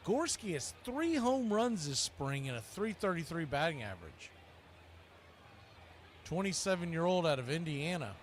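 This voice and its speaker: A man's voice: big pitch swings, normal speed, a little hiss or hum. A man calling live baseball play-by-play with a wry, chatty manner, often correcting himself. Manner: wry, self-correcting, chatty between pitches. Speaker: play-by-play announcer.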